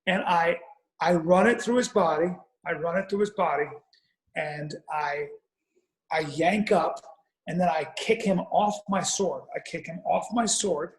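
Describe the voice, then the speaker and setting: A man's voice: on the high side, measured pace, reverberant, rough recording. A man telling a rambling, profane comic story on a podcast, with frequent restarts. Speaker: podcast guest or co-host.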